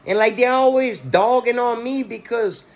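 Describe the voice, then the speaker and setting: A man's voice: very high-pitched, normal speed. Agitated man ranting, swearing. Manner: agitated, profane, repetitive. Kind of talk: ranting monologue to camera.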